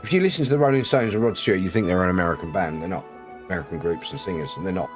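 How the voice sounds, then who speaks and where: Chatty low-voiced man streaming a game. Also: rapid-fire, music in the background. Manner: chatty, rambling, laughs often, greets viewers. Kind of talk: casual live-stream chat.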